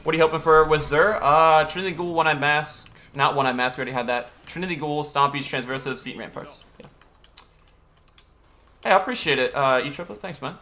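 A man's voice: on the high side, fairly quick, bright, forceful tone. A young man streaming a video game, chatting casually and greeting viewers and answering chat as he plays.

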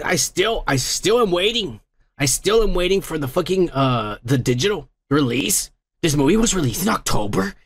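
A man's voice: high-pitched, vocal fry, fairly bright tone, husky, no room sound. A man hosting a comedy podcast, ranting crudely and mockingly with constant swearing. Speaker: podcast host.

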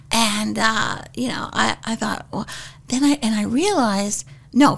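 A woman guest on a podcast, telling stories in an animated, giggly way and acting out what people said. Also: a little high. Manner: giggly, acts out quotes. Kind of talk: animated storytelling.

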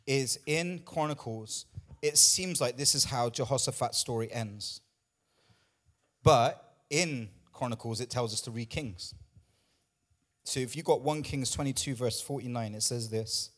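A man's voice: medium pitch, fairly bright tone. A man preaching a sermon in church, emphatic and repetitive, at times out of breath. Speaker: pastor.

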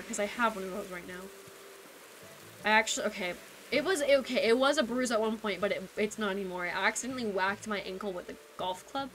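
In a mid-range, fairly bright voice, a woman plays a video game on stream and chats playfully with viewers, teasing them. Game music sits in the background along with a little hiss or hum.

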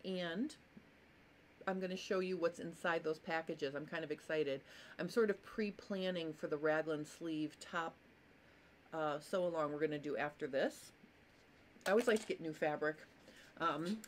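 A woman's voice: fairly low pitch, a little hiss or hum. A woman with hiccups hosting a casual live sewing lesson, chatty and apologetic, greeting viewers by name. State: has hiccups. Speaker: sewing teacher and live stream host.

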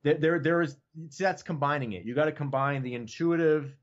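A man's voice: fairly high pitch, a little fast, highs cut off. A man in casual podcast chat as a guest, talking loosely and profanely and leaning on "like" and "you know what I mean.".

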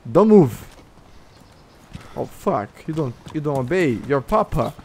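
Over a noisy background, a man with a Brazilian Portuguese accent talks unhurriedly in a fairly high voice with lively intonation. He's a gamer streamer in gameplay voice chat, giving commands, taunting players, cursing and laughing.

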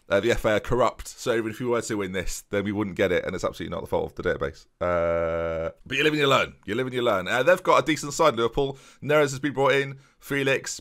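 Young male gaming host, lively pitch, chatty, talks straight to the viewers, gets loud for goals. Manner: chatty, keeps addressing "viewers", rises into excited match commentary. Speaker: gaming YouTuber. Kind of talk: casual commentary over a football management game.

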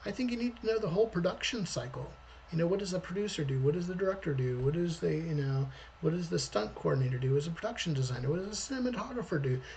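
A man's voice: a little high, lively intonation, quick pace, darkish tone, slight background noise. A man, a storyboard artist, giving a rambling, conversational livestream talk.

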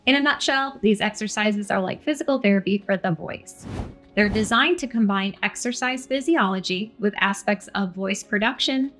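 A woman speech-language pathologist reads a scripted lesson in a clear, deliberate voice of ordinary pitch. She slows down to model stress and pitch in her examples, and soft music plays faintly underneath. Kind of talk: scripted educational narration.

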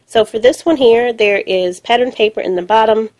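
A woman's voice: a little high, normal speed, a little mellow. A woman filming her craft projects on her phone, talking through each piece casually and thinking aloud with many fillers. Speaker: crafting vlogger. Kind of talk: casual show-and-tell narration. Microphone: phone camera.

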